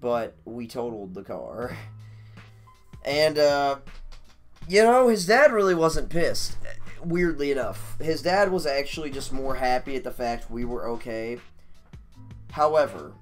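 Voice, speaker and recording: A man streaming, telling a story casually in a profane, animated, rambling way. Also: on the high side, measured pace, long pauses, faint music behind.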